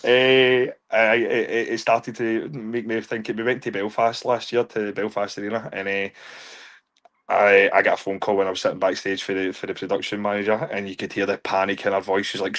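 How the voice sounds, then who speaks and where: A man's voice: fairly low pitch, flat delivery, a little fast, fairly bright tone. A man in his thirties, telling stories in a casual podcast chat, laughing often and tripping over repeated words. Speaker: guest, touring stage show creator.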